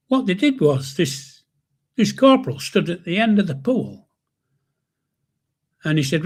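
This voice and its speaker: A man's voice: mid-range voice, husky. An older man hosting a live stream, telling a story in a rambling, chuckling way with mild swearing. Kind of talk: casual storytelling.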